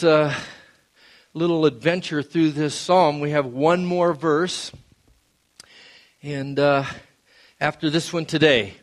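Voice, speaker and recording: Middle-aged male pastor, fairly high voice, chatty sermon delivery with restarts and sudden loud outbursts. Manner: conversational, with filler words and restarts, bursts into loud exclamations.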